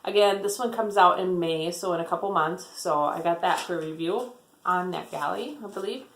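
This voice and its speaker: A woman's voice: fairly low pitch, normal speed, echoey room. A woman chatting casually about her book haul, rambling, with lots of "like" and "um". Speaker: book vlogger.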